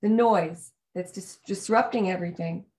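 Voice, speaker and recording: A woman's voice: mid-range voice, normal speed, a little mellow. A woman hosting a casual talk show, enthusiastic and affirming toward her guest as she tells a family story. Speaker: host.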